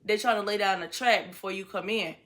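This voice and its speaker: Quiet evasive dude as a woman quotes him, bright tone, kept low. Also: a little fast, lightly acted. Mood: muted. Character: man quoted in a story, low-key and evasive.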